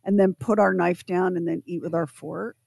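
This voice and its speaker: A woman co-hosting a radio show, calmly explaining things in casual banter. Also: lowish voice, moderate pace, vocal fry, no echo. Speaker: radio co-host.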